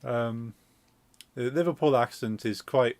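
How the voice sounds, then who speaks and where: A man with a Midlands accent explains things in a loose, rambling way, stopping and restarting as he goes. His voice has a gravelly edge. The recording is dry and close. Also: mid-range voice, measured pace, darkish tone, no room sound. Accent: English Midlands. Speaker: streamer host. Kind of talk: casual chat while gaming.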